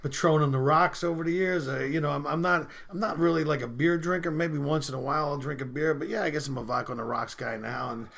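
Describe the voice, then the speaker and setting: Gravelly, profane man chatting. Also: fairly high pitch, fast, few pauses, fairly bright tone. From Philadelphia. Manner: profane, rambling, stammering restarts. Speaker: podcast guest, comedian. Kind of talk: casual podcast chat with crude jokes.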